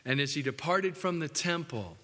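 A man preaching a sermon as pastor, animated and joking with his congregation. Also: on the high side, moderate pace, in a large hall. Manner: animated, acts out quotes, jokes with the congregation. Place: church building.

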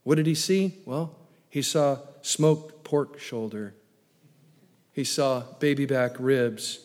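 A man preaching a sermon as pastor, swinging from booming emphasis to low asides. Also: slow. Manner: preaching with wide swings in loudness, booming then dropping low. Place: church sanctuary. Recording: long reverb of a large hall.

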